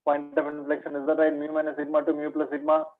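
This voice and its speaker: His delivery is completely flat and fast, in a slightly high voice with an Indian English accent. This maths teacher's exam revision lecture comes through tinny, phone-like online audio, as he answers questions he asks himself and calls students "my dear".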